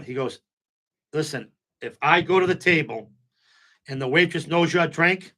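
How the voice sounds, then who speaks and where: A man's voice: a little high, moderate pace. A middle-aged man, a nightclub owner telling stories in a casual interview and acting out the quotes. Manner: animated storyteller, acts out quotes, repeats "you know what I'm saying".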